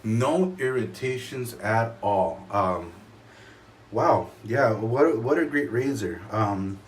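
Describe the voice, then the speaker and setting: A man talking casually to camera about his shave in a room at home, rambling and halting with many fillers and restarts. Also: fairly low pitch, lively intonation, a little hiss or hum. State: a little choked up. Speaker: shaving vlogger.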